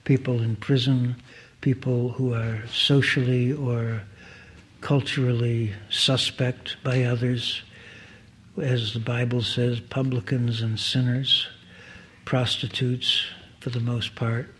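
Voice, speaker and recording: A man giving a devotional reading and reflection at a spiritual gathering, in a measured, earnest, formal manner. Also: mid-range voice, flat delivery, a bit bright, slight background noise.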